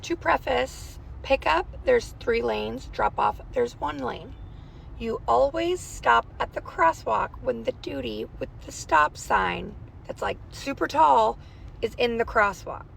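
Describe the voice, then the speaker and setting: Young woman, casual car vlog, rambling anxious storyteller, gravelly fry, faint car noise. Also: fairly high pitch, lively intonation, takes it slowly, fairly bright tone, rough recording. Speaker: parent vlogger. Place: in a car in a school pickup line. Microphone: phone held in car.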